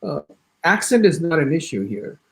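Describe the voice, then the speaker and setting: A man with an American accent giving an exam-prep orientation lecture, talking in quick bursts with frequent restarts and acting out sample answers. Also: fairly high pitch, gravelly. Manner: animated, talks fast in bursts with many restarts. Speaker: IELTS instructor.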